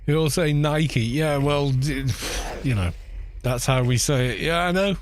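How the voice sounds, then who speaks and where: A British man with a slightly high, unhurried voice and a little hiss or hum chats casually while live-streaming a game. He's amused and laughs often, teasing the way words are pronounced with mocking, put-on pronunciations.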